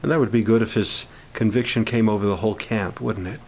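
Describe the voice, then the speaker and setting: A man leading a camp prayer meeting, speaking in an informal, halting sermon style with restarts and growing fervor. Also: on the low side, fairly even intonation, a little mellow, slight background noise, low-quality recording.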